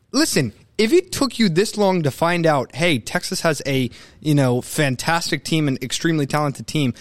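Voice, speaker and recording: A young man co-hosting a casual sports talk show, animated and opinionated. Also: high voice, no echo. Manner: animated, opinionated, mimics coaches mid-rant. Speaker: sports podcast co-host.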